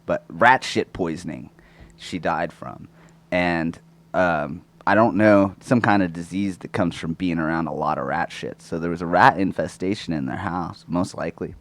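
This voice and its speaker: A man's voice: low voice, steady tone, moderate pace. A man co-hosting a podcast, talking in a crude, rambling way with lots of swearing, his throat sore and coughing, close to the microphone. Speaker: podcast co-host. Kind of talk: casual chat.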